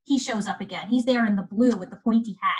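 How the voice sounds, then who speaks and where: A woman museum educator retelling a fairy tale to children, in an animated, chatty way, often asking her listeners questions. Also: mid-range voice, fast talker, breathy edge, rough recording. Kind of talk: storytelling lesson for children.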